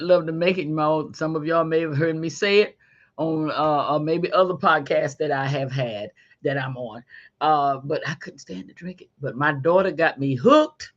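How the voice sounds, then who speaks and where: A middle-aged woman hosting a podcast, giving a faith-based motivational talk in a folksy, animated way and calling listeners honey. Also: deep voice, dull audio. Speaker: podcast host.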